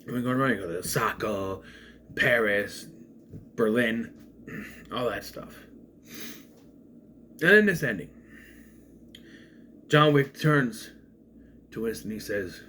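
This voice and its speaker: Animated rambling man reviewing a film. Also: lowish voice, takes it slowly, pauses often, a little hiss or hum. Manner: rambling and animated, with frequent restarts and asides. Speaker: movie reviewer. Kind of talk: casual spoken film review.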